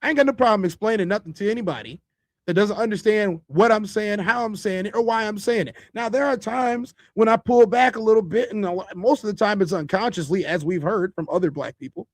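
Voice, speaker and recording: A man's voice: high voice, brisk, dry recording, clean studio sound. A man with a Chicago accent hosting a podcast, talking loosely and conversationally with frequent restarts. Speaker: podcast host. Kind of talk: casual monologue.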